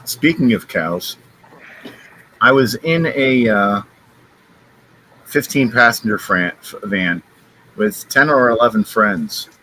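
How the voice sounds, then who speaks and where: A man's voice: fairly low pitch, animated, takes it slowly, pauses often, pushed and bright, slight background noise, rough recording. A man telling a long rambling anecdote to friends in casual chat, speeding up in bursts. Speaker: friend on the stream. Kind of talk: casual storytelling.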